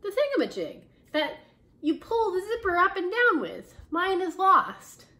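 A woman voicing a grumpy, flustered schoolteacher stuck in her coat, in a lower, heavier voice than her narration. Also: very animated, a little slow, pushed and bright, exaggerated voice. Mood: fretful.

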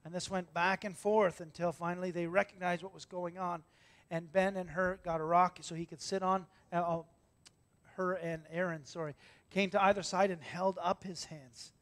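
A man with a fairly high voice preaches from a church pulpit. He tells stories with energy, acting out the characters' lines. He drops to near whispers for tender moments and rises for big ones. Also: normal speed. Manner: animated storytelling, acting out voices, swinging from loud to hushed. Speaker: pastor. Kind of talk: sermon.

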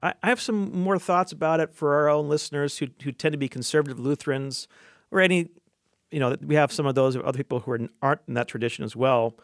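Male host, curious and hesitant, fairly high voice, dry sound. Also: quick pace, dry recording. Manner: hesitant, curious, many fillers. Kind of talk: interview questions.

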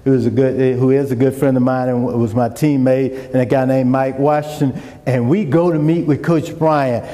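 A middle-aged man telling a personal story to an audience, acting out the dialogue with lively shifts. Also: mid-range voice, normal speed. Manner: animated storyteller, acts out dialogue. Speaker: speaker. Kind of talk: storytelling talk. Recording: echoey hall with long reverb.

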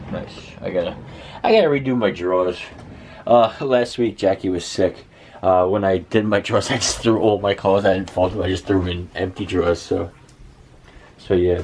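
A man's voice: on the low side, a little mellow, slight background noise. A man talking casually to his camera at home, chatting playfully with his pets. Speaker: vlogger. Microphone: handheld camera.

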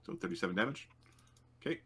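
A man running a tabletop game as game master, unhurried and thinking aloud with many fillers. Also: low voice, animated, bright, forceful tone, a little hiss or hum.

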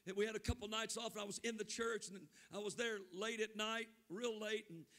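A man preaching a Pentecostal sermon in church, impassioned and shouting. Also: high-pitched, steady tone, brisk. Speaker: pastor.

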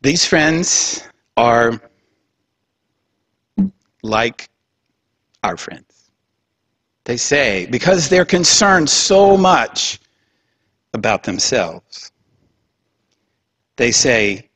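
A man's voice: mid-range voice, sing-song, very slow, long pauses, a bit bright, dry recording. A man giving a public lecture in a conversational, humorous way, with laughing asides.

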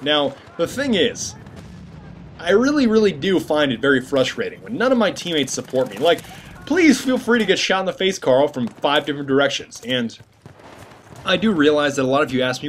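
Animated joking male game commentator. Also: fairly high pitch, a little fast, a little hiss or hum. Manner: joking, rambling, animated asides to viewers. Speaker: gameplay commentator. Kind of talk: casual gameplay commentary.

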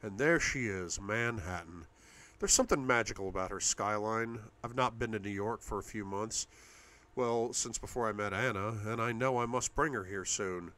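A man narrating a first-person novel aloud, steady, going low and quiet in intimate passages. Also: moderate pace. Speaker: audiobook reader.

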